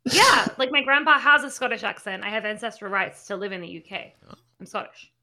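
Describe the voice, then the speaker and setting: Woman, twenties, bright tone, animated casual storyteller. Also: on the high side, brisk. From Australia. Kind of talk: casual chat.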